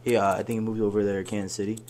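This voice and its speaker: A young man telling stories in casual podcast chat, animated and quick to laugh, acting out his friends' voices as he goes. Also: on the low side, a little hiss or hum. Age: young adult. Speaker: podcast guest.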